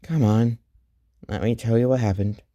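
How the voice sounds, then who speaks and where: A man voicing a calm, gentle young male demon in a casual spoken story. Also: medium pitch, normal speed, muffled recording, lightly acted.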